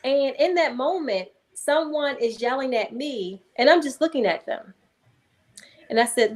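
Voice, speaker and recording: A woman, a hypnotherapist, speaking as a guest in a conversational interview and telling a story in a calm, emphatic way. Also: a little high, moderate pace. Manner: calm, emphatic, acts out voices in anecdotes.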